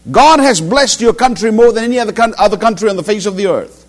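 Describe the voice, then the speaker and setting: A man's voice: high-pitched, fast talker. A middle-aged man preaching a sermon, telling stories and acting out quotes. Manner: animated storytelling with acted quotes.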